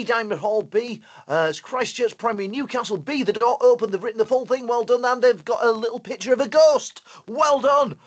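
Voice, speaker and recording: A man with a Yorkshire accent presenting a playful, excitable live online lesson for primary school children. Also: high-pitched, husky.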